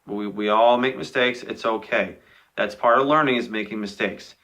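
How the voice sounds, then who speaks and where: A young male teacher with a bright, clear tone walks a class through partner reading rules. He talks patiently, repeats himself often and keeps checking in with an easy "okay.". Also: fairly low pitch, moderate pace. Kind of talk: modeling classroom instructions to young students.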